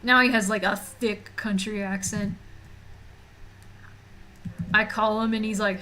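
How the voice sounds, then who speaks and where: A woman's voice: medium pitch, little pitch movement, unhurried, pauses often, sharp tone. A woman streamer in casual chat, joking and talking to her viewers as she draws. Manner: chatty and joking, reading chat aloud. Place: home streaming setup.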